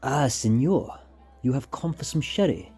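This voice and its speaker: A man voicing an elderly male Spanish merchant with a Spanish accent, slow and lilting. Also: medium pitch, sing-song, warm tone, husky, soft background music, voice pushed up, exaggerated voice. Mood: welcoming.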